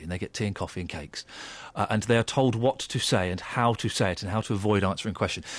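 A man hosting a breakfast radio show, teasing and sarcastic in casual banter. He talks fast, with a lively up-and-down pitch. The studio sound is dry and close. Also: no echo. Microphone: studio microphone.

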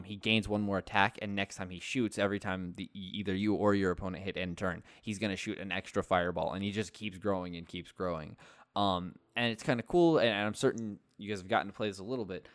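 Low-voiced man, chatty gamer. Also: no room sound, studio quality. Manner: rambling, many fillers and restarts, laughs often. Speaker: podcast co-host. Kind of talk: casual gaming chat.

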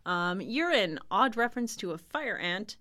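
A young woman co-hosts a loose, casual podcast. She laughs easily and reads dictionary entries aloud with a wry edge. Her voice sits at an ordinary middle pitch. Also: very animated, normal speed, sharp tone. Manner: laughs often, reads definitions aloud wryly. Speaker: podcast co-host.

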